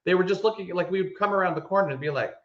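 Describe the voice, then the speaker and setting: A man co-hosting a podcast in casual chat, telling stories with animated emphasis and frequent restarts. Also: sits high, very fast. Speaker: podcast co-host. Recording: echoey room, dull lo-fi sound.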